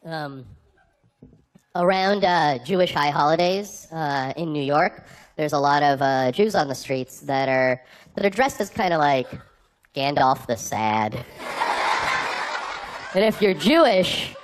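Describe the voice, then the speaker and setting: A man doing a stand-up comedy set, rambling in a halting, deadpan way with many fillers. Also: a little high.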